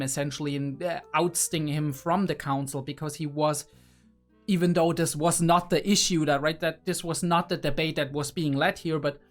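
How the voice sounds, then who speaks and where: Rambling young man musing aloud. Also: a little high. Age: young adult. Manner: rambling and musing, many fillers and restarts. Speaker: reaction video host. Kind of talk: casual reaction commentary.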